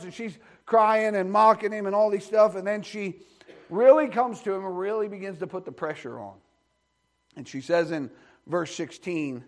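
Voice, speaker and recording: A man preaching an earnest sermon in church, repeating key phrases for stress. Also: high voice. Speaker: pastor.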